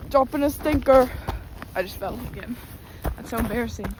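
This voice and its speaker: A high-pitched woman chats her way through deep snow outside, exclamatory and self-mocking, short of breath, her voice a little rough. It is a noisy outdoor recording from a camera on a tripod, and she often wanders away from the mic. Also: lively intonation, moderate pace, pauses often, a little mellow. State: voice a bit rough. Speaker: vlogger. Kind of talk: casual vlog narration. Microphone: camera on a tripod, sometimes from a distance. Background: outdoor ambient noise.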